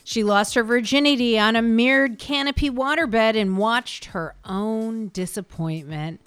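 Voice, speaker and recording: A middle-aged woman co-hosting a comedy podcast with wry, quick banter and an upbeat announcing delivery. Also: a little high, fairly bright tone, clear, resonant tone, faint music behind. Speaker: podcast co-host.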